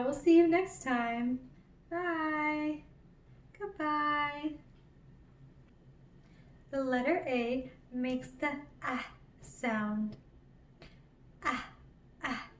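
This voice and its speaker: Very slow, high-voiced gentle woman teacher. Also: recorded from a distance. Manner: gentle, encouraging, drawn-out repetition. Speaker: children's educator. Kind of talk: toddler phonics lesson. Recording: roomy, from off the mic.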